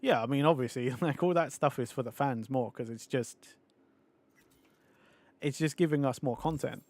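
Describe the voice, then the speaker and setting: A young man chats with his stream audience in a loose, animated way, laughing often and swearing as he rants. His voice sits in a middle pitch. The sound is dry and close, with no room around it. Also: normal speed, dry recording. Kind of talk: casual live-stream chat.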